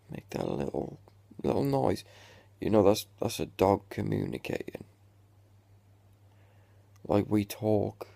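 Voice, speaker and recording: Slow, gravelly young man ranting. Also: medium pitch, darkish tone, no echo. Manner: sweary, exasperated, sarcastic rant. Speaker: vlogger. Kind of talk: ranting reaction vlog.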